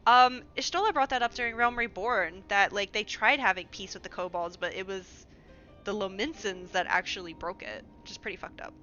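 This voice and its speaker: A woman's voice: medium pitch, fairly quick, pushed and bright, muffled recording, soft background music. A young woman streaming a video game, chatting casually and giggling. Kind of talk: casual gameplay commentary.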